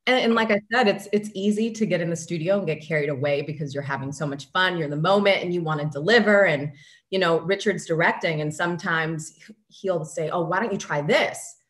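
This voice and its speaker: Woman, low register, earnest panelist explaining her vocal technique. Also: brisk. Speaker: voice actor on a panel. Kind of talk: casual panel talk.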